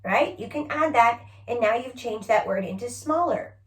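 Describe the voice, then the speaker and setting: A woman's voice: fairly high pitch, lively intonation, moderate pace, reverberant. A woman teacher giving a spelling lesson to children, patiently sounding out each word letter by letter.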